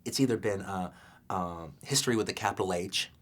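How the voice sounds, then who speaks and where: Low-voiced male director, casual and rambling, restarts a lot. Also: fairly quick, a bit bright. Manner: rambling, many fillers and restarts. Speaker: filmmaker being interviewed. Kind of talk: casual interview answers.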